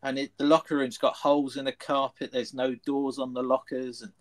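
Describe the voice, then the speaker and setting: Brief: male panelist, mid-pitch, lively storyteller. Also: brisk, low-quality recording. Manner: anecdotal storyteller, animated retelling. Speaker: studio panelist. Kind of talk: casual sports chat.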